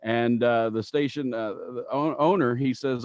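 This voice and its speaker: A man's voice: mid-range voice, steady tone, unhurried, no echo, muffled recording. A man who is a longtime radio host, telling stories on a podcast in a chatty way, laughing often. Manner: chatty, laughs often, acts out quoted callers. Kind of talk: casual podcast storytelling.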